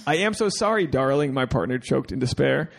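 Gravelly man reading a listener email. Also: medium pitch, expressive, brisk. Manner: jokey, crude asides, gets teary. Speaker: podcast co-host. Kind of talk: casual chat, reading a listener email aloud.

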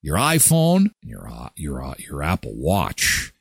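A man's voice: rumbling low, slow pace, creaky, husky, no room sound, clean studio sound. A man hosting a morning show, chatting casually and joking, acting out little scenes as he tells stories. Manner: animated, jokey, acts out voices in his stories. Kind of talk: casual chat.

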